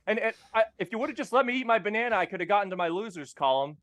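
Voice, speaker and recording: A man calling in as a guest on a sports stream, delivering mock-serious insider talk in a deadpan way. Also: high-pitched, fast, few pauses. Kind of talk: casual live-stream chat.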